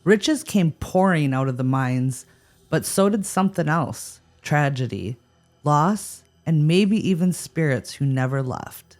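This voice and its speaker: A woman's voice: low voice, expressive, unhurried, a little mellow. A woman co-hosting a paranormal podcast, reacting with wry, sarcastic humor. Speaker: podcast co-host. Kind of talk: scripted paranormal podcast chat.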